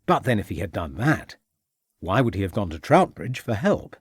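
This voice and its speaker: A man reading a crime audiobook in measured scripted narration. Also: fairly low pitch, big pitch swings, breathy edge, dry recording, clean studio sound.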